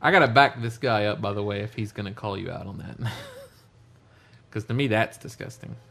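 A man's voice: fairly low pitch, fairly quick, gravelly, fairly bright tone, soft background music. A man co-hosting a casual podcast, dropping dry, wry comments. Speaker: podcast co-host.

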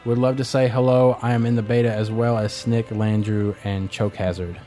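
A man's voice: medium pitch, little pitch movement, normal speed, dark tone, soft background music. A man hosting a casual gaming podcast, reading listener emails aloud in a laid-back way, with hesitant fillers and blunt swearing.

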